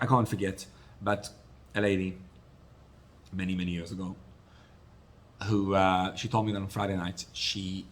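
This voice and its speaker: A rabbi giving a Torah class, retelling stories with animated swings between loud and soft. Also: male voice, low-pitched. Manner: storytelling, animated rises and drops in loudness.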